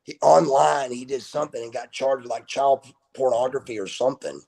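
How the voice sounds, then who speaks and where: Gravelly, husky man telling stories. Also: mid-range voice, a little fast. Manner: animated storyteller, swears freely. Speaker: guest. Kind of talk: casual storytelling interview. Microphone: video call.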